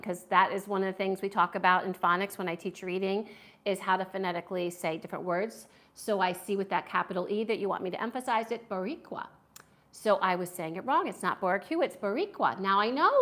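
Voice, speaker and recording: A woman's voice: medium pitch, sharp tone. A woman hosting a casual live-stream food review at home, chatty and enthusiastic as she reads viewer comments aloud. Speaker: food vlogger.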